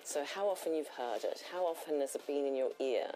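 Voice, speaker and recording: A woman's voice: deep voice, lively intonation, a little fast, mellow, soft background music, low-quality recording. A woman voice coach explaining how to learn accents in an instructive, encouraging way.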